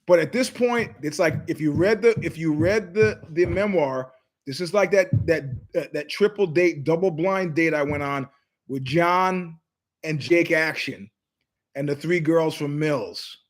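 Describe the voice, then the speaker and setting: A middle-aged man hosts his own show, telling a long story as an animated monologue. His voice sits high for a man, and he delivers it emphatically, wandering off into asides. He slips into other people's voices whenever he quotes them. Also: a little slow. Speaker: show host.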